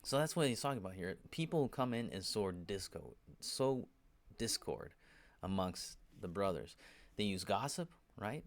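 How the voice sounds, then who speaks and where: A man with a low, gravelly voice leads a casual Bible teaching. He talks to his listeners rather than at them, peppering his points with "right?" and "you know". When he tells them what not to do, he presses the words firmly. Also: big pitch swings, unhurried. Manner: informal, keeps checking in with "right?" and "you know"; grows emphatic when exhorting.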